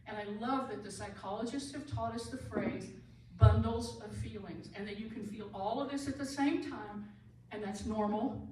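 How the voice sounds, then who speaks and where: Speaking to an audience in a large room, this woman, a pastor and end-of-life doula, delivers an earnest conference talk in a mellow, higher-pitched voice, driving points home by repeating key phrases. The audio is very echoey and recorded from far away, with light hiss.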